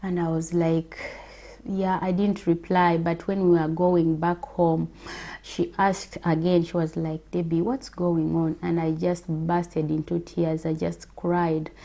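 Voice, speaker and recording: A woman from Africa and a mother, telling her personal faith testimony in a slow, reflective way with hesitant pauses. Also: on the low side, little pitch movement, vocal fry, mellow. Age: adult with children.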